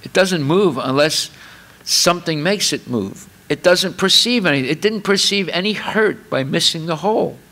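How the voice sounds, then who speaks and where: A man's voice: a little high, lively intonation, moderate pace, sharp tone. A man giving a spiritual lecture, explaining in a chatty way with many fillers and repeated words, and acting out little scenes with exclamations. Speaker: speaker giving a scripture class.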